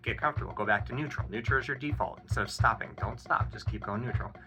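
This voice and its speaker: A man giving a casual drum lesson, counting beats aloud and explaining an exercise in a relaxed, encouraging way with plenty of ums and uhs. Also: medium pitch, quick pace, over music. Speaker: drum teacher. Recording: loud drum playing behind the voice. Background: drum kit playing.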